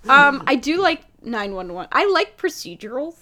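A woman co-hosting a casual podcast chat, playful and expressive, acting out her own thoughts in voices. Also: high voice, moderate pace. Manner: expressive, playful, swoops between voices for quotes.

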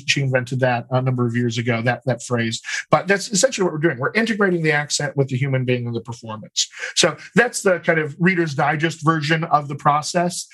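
A man with a General American accent and slight Colorado features, a dialect coach explaining his method in a calm, methodical interview. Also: a little high, low-quality recording. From United States. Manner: explanatory, methodical, talks in lists. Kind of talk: conversational interview.

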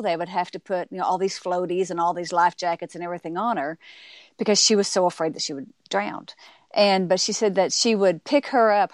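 A woman author and speaker, a guest in an interview, telling stories in a halting way with frequent restarts and fillers. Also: fairly low pitch, a little mellow, smooth, no echo. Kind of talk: casual interview storytelling.

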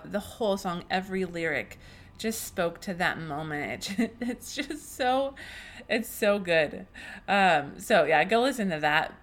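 A woman's voice: fairly low pitch, fairly bright tone. A young woman hosting a faith podcast, telling a personal story in an earnest, emotional way, with many restarts and fillers. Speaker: podcast host.

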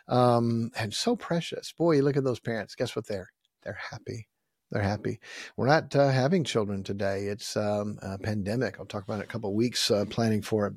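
A man's voice: on the low side, darkish tone, dry recording, studio quality. A man preaching as a pastor in a folksy, repetitive style, with sudden emphatic bursts. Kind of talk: sermon.

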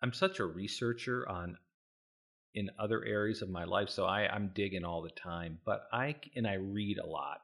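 A man's voice: fairly low pitch, moderate pace, vocal fry, a bit bright. A man co-hosting a podcast, talking casually and self-deprecatingly, with frequent restarts. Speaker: podcast co-host.

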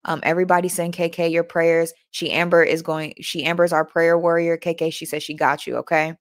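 Animated woman hosting motivational chat. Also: on the low side, fairly quick. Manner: animated, repeats herself, talks straight to listeners. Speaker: host. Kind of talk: motivational live-stream chat.

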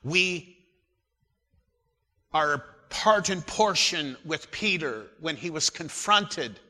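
A man in his sixties preaches from the pulpit, his voice bright and slightly high. He takes his time, earnest and deliberate, and the sound rings out with the long reverb of a church sanctuary. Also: expressive. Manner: earnest, unhurried preaching with scripture reading. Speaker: pastor. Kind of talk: sermon.

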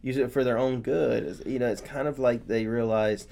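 A man's voice: medium pitch, fairly even intonation, moderate pace, vocal fry, mellow. A man co-hosting a casual Bible study talk, rambling with many fillers and restarts. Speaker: podcast co-host.

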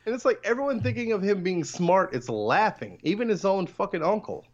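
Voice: medium pitch, lively intonation, a little fast. A podcast co-host recapping a cartoon episode in casual chat, joking crudely and swearing freely. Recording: slightly muffled lo-fi audio.

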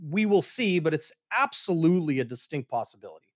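A man co-hosting a sports talk show, going through player numbers in a measured, steady way. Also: a little high, no echo, clean studio sound. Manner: measured, steady, fills with "uh" and "you know". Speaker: podcast co-host, analyst. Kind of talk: casual sports analysis.

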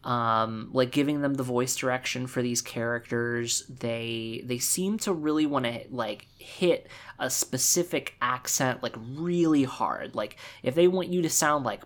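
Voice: medium pitch, unhurried, few pauses. Rambling podcast co-host giving opinions. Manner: rambling, many fillers and restarts while giving opinions. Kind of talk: casual chat about game voice acting.

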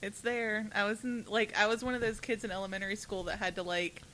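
A woman's voice: mid-range voice, fairly even intonation, quick pace, fairly bright tone, a little hiss or hum, low-quality recording. A young woman with a slight lisp, co-hosting a casual podcast chat and talking with lots of "like" fillers. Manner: chatty, many "like" fillers, laughs often. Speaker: podcast co-host.

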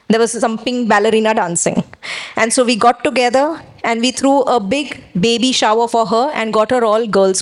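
A woman pastor preaching a sermon, exhorting her church and drawing responses with quick questions. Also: a little high.

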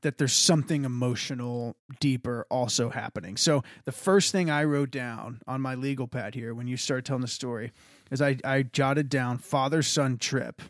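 A young adult man, a pastor, chatting casually on a podcast in an animated, rambling way and laughing often. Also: medium pitch, normal speed, dry recording, clean studio sound.

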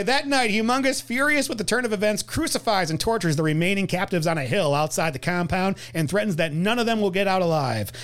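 A man hosting a podcast, recapping a film plot and joking with his co-host. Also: high voice. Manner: animated, laughs often, reads recap. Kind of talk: casual chat and plot recap.

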